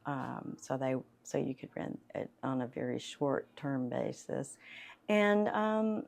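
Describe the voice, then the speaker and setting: Older lady, light southern lilt, slow gravelly storyteller talking to a crowd. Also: extremely low pitch, expressive, a little mellow. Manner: chatty, unhurried, laughs often. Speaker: actress and voiceover artist giving a talk. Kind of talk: storytelling talk to an audience.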